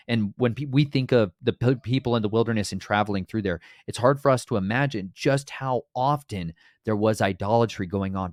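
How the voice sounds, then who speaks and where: A man with a low voice leads a relaxed scripture teaching. His delivery is animated and conversational, and he slips into the voices of the people he quotes. The sound is dry and close, with little room echo. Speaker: Bible teacher. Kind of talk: casual sermon teaching.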